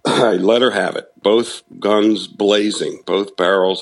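A man's voice: on the low side, fairly even intonation, slow pace, rough recording. A middle-aged man candidly telling a personal recovery story, frank and self-deprecating, laughing at himself now and then. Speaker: guest sharing recovery story.

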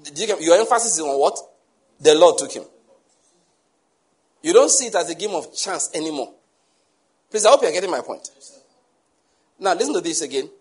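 A man's voice: sits high, lively intonation, fast talker, pauses often, slightly rough. A man preaching a sermon, emphatic and full of rhetorical questions to the congregation.

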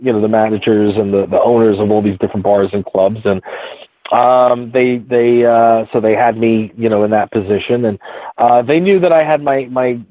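Low-voiced man on a tinny phone line. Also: no echo. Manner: rambling, halting, many restarts. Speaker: guest. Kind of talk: casual storytelling.

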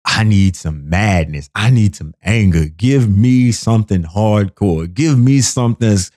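A podcast host delivers a casual comedic monologue, riffing animatedly, repeating phrases, and acting out quotes in high voices. He speaks at a measured pace with few pauses, in a dry, studio-quality recording.

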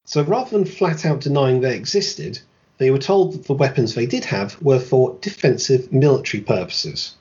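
Dry-witted man narrating history, lively pitch. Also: normal speed, dull audio. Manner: dry, sarcastic asides. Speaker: podcast host. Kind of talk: scripted history narration with asides.

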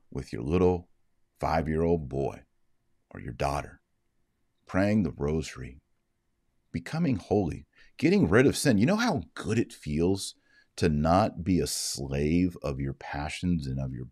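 A man's voice: a bass voice, a little mellow, husky, no room sound, clean studio sound. A man giving earnest, moralizing commentary on a livestream, reading out viewer comments as he talks. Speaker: Catholic commentator.

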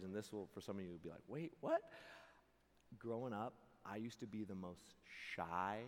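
A young man speaking as a camp preacher, telling stories with lively quoted voices and frequent laughter. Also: fairly low pitch. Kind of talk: youth camp sermon. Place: large hall before a live audience. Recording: hall reverb.

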